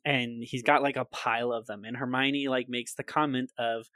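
A man recorded close and dry on a podcast mic, voice sitting at an ordinary pitch for a man. He retells a film scene with animated energy in a casual chat, slipping into quick voices for the quoted lines. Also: no room sound. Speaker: podcast co-host.

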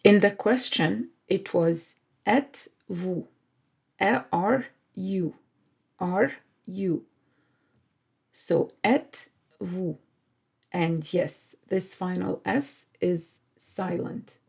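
A woman teaching a beginners' French lesson, repeating each word slowly and carefully. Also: fairly low pitch, creaky, darkish tone, husky, lo-fi sound. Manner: slow, careful repetition of words. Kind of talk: slow language lesson.

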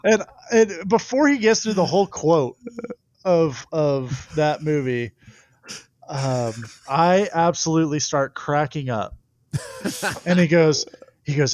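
A young man guest on a podcast, a professional pitcher, who tells his stories in a rambling way and keeps breaking into laughter. His voice sits at a middle pitch, and the recording is dry and close, with little room sound. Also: takes it slowly, a little mellow, no room sound, highs cut off. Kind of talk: casual storytelling interview.

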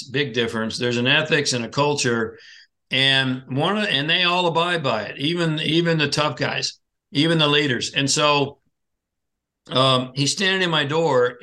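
A man's voice: medium pitch, pushed and bright. A man being interviewed, telling a personal story vividly and acting out the dialogue, often restarting his sentences. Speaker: podcast guest.

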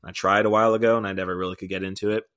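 A young man co-hosting a podcast, chatting in an easygoing way with quick asides. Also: sits low, little pitch movement, fairly bright tone. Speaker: podcast co-host. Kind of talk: casual chat.

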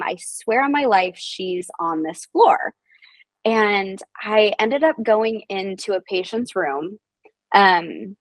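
A woman's voice: medium pitch, no room sound, rough recording. A young woman, a nursing assistant guest, telling stories casually and acting out the voices of people she quotes. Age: young adult. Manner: animated, acts out quoted voices. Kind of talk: casual storytelling.

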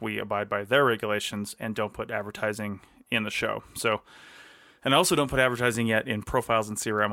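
Gravelly-voiced man rambling on a podcast. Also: on the low side, bright, forceful tone, dry recording, clean studio sound. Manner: chatty, many ums and restarts. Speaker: podcast host. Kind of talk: casual solo podcast rambling. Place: his office.

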